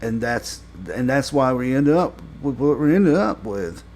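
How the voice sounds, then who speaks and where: A man's voice: medium pitch, lively intonation, measured pace, a little mellow. A man giving a casual spoken review of a TV episode. He rambles with many fillers and grows exasperated when he complains.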